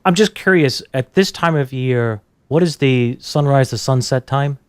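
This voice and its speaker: A man hosting an interview show, talking quickly and conversationally with frequent restarts. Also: mid-range voice, clear, resonant tone, no room sound. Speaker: host. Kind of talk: casual interview chat.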